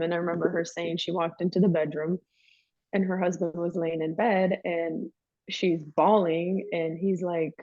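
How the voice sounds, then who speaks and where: Woman guest talking candid and emphatic, dark mellow voice, kinda lo-fi dry audio. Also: lowish voice, fairly even intonation, normal speed, dry recording. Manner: emphatic, chatty, calls listener "girl". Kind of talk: candid personal storytelling. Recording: dull lo-fi dry sound.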